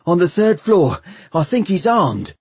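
A man playing a quick-witted young apprentice in a storybook, urgent and pressed. His voice rides high above the reader's own, husky and dry. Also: expressive, dry recording. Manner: urgent, hushed then shouting.

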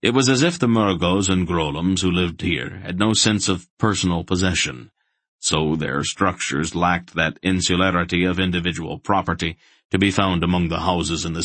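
A man reading a fantasy audiobook in steady, measured scripted narration. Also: low voice, no room sound.

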